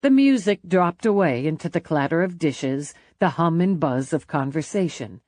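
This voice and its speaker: A woman narrating a mystery audiobook in a measured, expressive manner, close to the mic. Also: low-pitched, no echo. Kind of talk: scripted narration.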